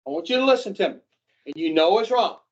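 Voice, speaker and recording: A man's voice: sits high, expressive, fast. A man, teaching an addiction recovery group, who talks bluntly, swears freely and keeps putting questions to the room. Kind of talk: classroom talk to a recovery group. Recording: dull lo-fi recording.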